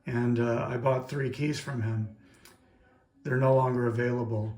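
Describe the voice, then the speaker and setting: Everyday male hobbyist, mid pitch, methodical how-to delivery, echoey room. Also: steady tone, darkish tone. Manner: plain, methodical, frequent "uh" pauses. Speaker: ham radio operator teaching Morse keying. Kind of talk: casual how-to demonstration. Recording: echoey room with faint noise.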